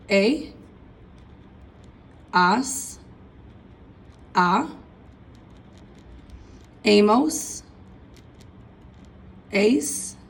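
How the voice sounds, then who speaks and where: A woman talks through a lesson at an unhurried, deliberate pace. Her voice carries a slight huskiness. She chants lists of endings aloud and calls her listeners folks. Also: medium pitch, vocal fry, breathy edge, low-quality recording. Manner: chanting verb endings, addressing students as folks. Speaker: Spanish teacher. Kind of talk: recorded classroom lesson.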